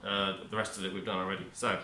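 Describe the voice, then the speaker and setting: A man's voice: low voice, little pitch movement, fast, pushed and bright. A man giving a rambling, upbeat self-help monologue, often cutting himself off mid-word. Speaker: vlogger. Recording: echoey room.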